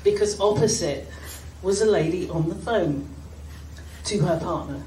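A woman's voice: fairly low pitch, unhurried. A British woman telling a self-mocking comic story on stage at a fan festival, laughing as she goes. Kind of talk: comic anecdote told on stage. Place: hall at a fan gathering. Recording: distant echoey hall, loud crowd, noise.

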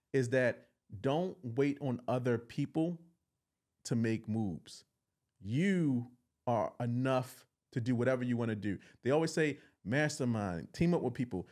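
A man who is a guest on a podcast, talking in casual chat in a playful, joking, animated way. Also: mid-range voice, measured pace.

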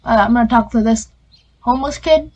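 A woman's voice: on the high side, brisk, darkish tone, low-quality recording. A young woman giving casual commentary while playing a video game and reading its text aloud. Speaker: gaming channel host.

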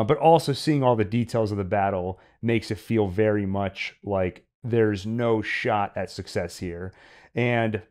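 A man's voice: fairly low pitch, a little mellow, smooth. A man co-hosting a podcast, talking through a film in a reflective, casual way, often restarting his sentences. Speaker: podcast co-host.

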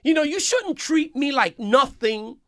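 Speaking unhurriedly in a very high, expressive voice, a businessman gives an impassioned interview at a radio studio microphone. There's no echo. He is emphatic throughout and becomes heated and forceful.

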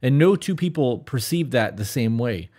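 A man's voice: medium pitch, lively intonation, moderate pace, a little mellow. A middle-aged man co-hosting a podcast, talking casually in a blunt, opinionated way with plenty of profanity. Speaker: podcast co-host.

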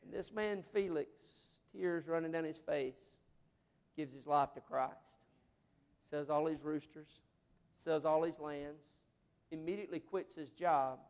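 Man preacher with a high voice, emotive storyteller, preaching from a church pulpit. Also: measured pace, pauses often, a little mellow. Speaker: missionary pastor. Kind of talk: sermon. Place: church sanctuary.

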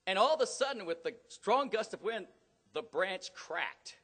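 Bright, lively male preacher in a reverberant hall. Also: high voice, moderate pace, breathy edge. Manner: emphatic, dramatic storytelling with sudden loud peaks. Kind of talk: sermon. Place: church hall.

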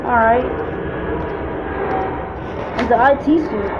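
A young woman giving casual, profane gameplay commentary as a YouTuber, excitable and full of slang. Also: medium pitch, moderate pace, highs cut off, heavy background noise. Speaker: gaming YouTuber.

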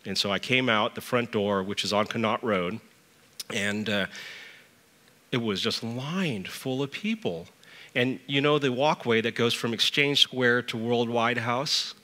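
A middle-aged man preaches a sermon in a bright, forceful voice. He tells stories along the way and lifts his pitch sharply on the points he wants to stress. His pitch sits mid-range for a man. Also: unhurried, in a large hall. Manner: storytelling, lively rises in pitch for emphasis. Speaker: church elder preaching.

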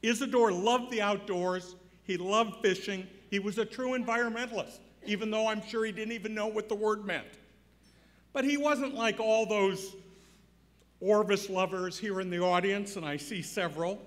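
High-voiced man in a reverberant hall. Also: moderate pace. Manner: storytelling, building to loud emphatic points. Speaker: award recipient giving a speech. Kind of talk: acceptance speech. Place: large banquet hall.

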